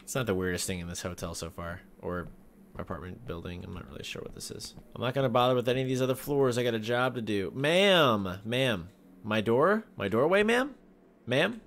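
A man giving casual joking commentary while playing a horror game, talking to his viewers with sudden yelps and shouts. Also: lowish voice, fairly even intonation, quick pace. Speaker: gaming video host. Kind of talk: casual let's-play commentary.

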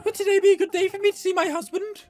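A man voicing a frail, polite elderly woman patient in a game, speaking hesitantly and softly. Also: very high-pitched, flat delivery, racing, soft background music, voice pushed up. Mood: timid.

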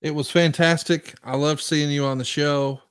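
A man's voice: a little high, moderate pace, smooth, dry recording. A man co-hosting a podcast in casual chat, telling stories animatedly and acting out quotes. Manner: animated storyteller, acts out quotes. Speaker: podcast co-host.

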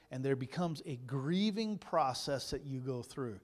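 A man preaching a sermon as pastor, lively, acting out people's doubts in quoted voices. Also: mid-range voice, a little slow, in a large hall. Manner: animated, acts out inner doubts in quoted voices. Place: church sanctuary.

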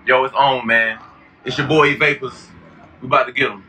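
A man's voice: medium pitch, fairly even intonation, a little fast, pushed and bright. A man vlogging from a drag strip, boasting and trash-talking his rival and repeating his brags. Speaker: YouTuber, drag racer. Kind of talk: hyped casual vlog talk. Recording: distant, dull lo-fi sound with faint noise.

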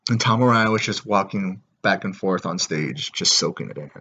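Man, casual storytelling, rambling and excited, husky, dull lo-fi recording. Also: deep voice, moderate pace. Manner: rambling, excited, lots of "like" and swearing. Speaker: vlogger.

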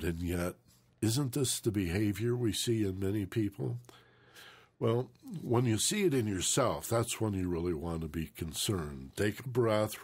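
A man co-hosting a mindfulness talk show, speaking in a thoughtful, reflective way and leaning on phrases for emphasis. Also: medium pitch. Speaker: co-host.

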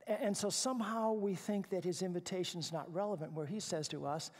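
Guy preaching in a church, fairly high voice, lots of restarts, goes quiet then gets loud, big echo. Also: a little fast. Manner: conversational, with repeated false starts; swings from hushed to loud and emphatic. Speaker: pastor. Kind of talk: sermon. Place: church sanctuary. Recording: reverberant church hall.

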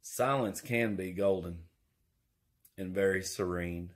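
A man's voice: low-pitched, takes it slowly. A man, rambling and joking his way through an indoor vlog. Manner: rambling, jokey, drawling. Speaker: vlogger.

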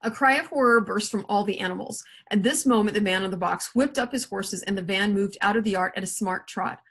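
Woman English teacher, expressive read-aloud, husky breathy tone, mid pitch. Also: a little fast. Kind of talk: reading a novel aloud to a class.

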